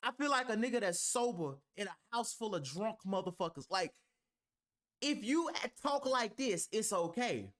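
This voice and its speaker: A man's voice: sits high, sing-song, moderate pace, a bit bright. A man reacting to a clip, heated and argumentative, talking with heavy profanity. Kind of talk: ranting reaction commentary.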